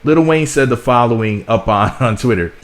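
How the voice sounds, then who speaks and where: A man's voice: mid-range voice, expressive, moderate pace. A man from the United States delivering blunt, sarcastic political commentary as a vlog host, often repeating himself. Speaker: commentary vlogger.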